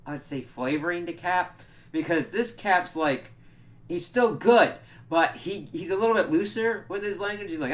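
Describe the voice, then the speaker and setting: A man's voice: sits high, animated, normal speed. A man casually reviewing a comic book, rambling a little as he retells the plot.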